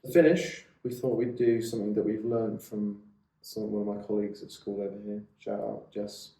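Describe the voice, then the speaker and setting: A man's voice: lowish voice, fairly even intonation, moderate pace, vocal fry, warm tone. A man, co-hosting a podcast in a chatty, teasing, rambling way. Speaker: podcast co-host. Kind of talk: casual chat. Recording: echoey room.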